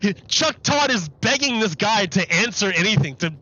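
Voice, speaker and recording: A man's voice: high-pitched, lively intonation, moderate pace, pushed and bright, lo-fi sound. A man live-streaming commentary on a political interview, exasperated and repeating his questions over the clip.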